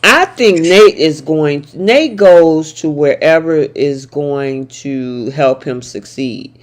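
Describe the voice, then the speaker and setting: A woman hosting a casual soap opera recap chat, talking playfully and laughing often. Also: low-pitched. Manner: chatty and laughing, with playful asides.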